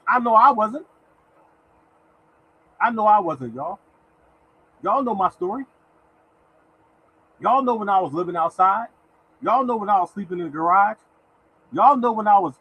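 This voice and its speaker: In a casual motivational livestream, a man gives lottery picks, repeating himself and urging on listeners he keeps calling "y'all," occasionally thanking chat viewers by name. His high-pitched voice is fairly bright and slightly rough, and the recording is rough.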